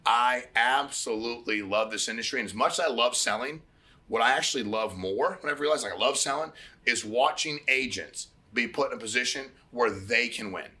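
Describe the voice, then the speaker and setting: A middle-aged man hosting a recruiting meeting, giving a casual motivational pitch and telling stories with quoted dialogue. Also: fairly quick, bright, forceful tone. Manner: conversational, storytelling with quoted dialogue, repeats phrases.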